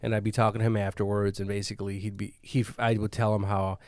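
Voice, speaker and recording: A man's voice: lowish voice, flat delivery, quick pace, a little mellow, no echo, clean studio sound. A man hosting a podcast at a comedy club, chatting casually and rambling, often trailing off and starting over. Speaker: podcast host. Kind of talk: casual chat.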